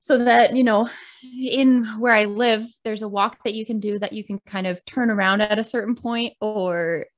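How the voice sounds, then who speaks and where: A young Canadian woman with a Canadian accent, co-hosting a podcast and telling a dating story in casual chat, lively and laughing often as she acts out what people said. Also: medium pitch, moderate pace. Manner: animated, laughs often, acts out quoted voices. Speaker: podcast co-host.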